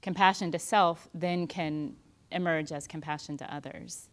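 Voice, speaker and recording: A woman's voice: low-pitched, fairly even intonation, normal speed. A woman in casual conversation who explains Buddhist ideas plainly and affirms her co-host often.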